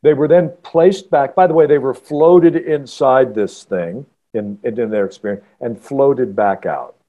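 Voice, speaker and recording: A man, an author guest on a podcast, telling a story in a halting, earnest way with many restarts. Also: medium pitch, phone-quality sound. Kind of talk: casual podcast interview storytelling.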